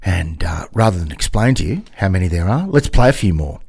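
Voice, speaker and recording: A man hosts a radio music show. His voice is very deep, husky and gravelly, and he talks slowly. He rambles with jokey asides between tracks. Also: lively intonation, darkish tone, dry recording. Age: 50s. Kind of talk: casual radio presenting.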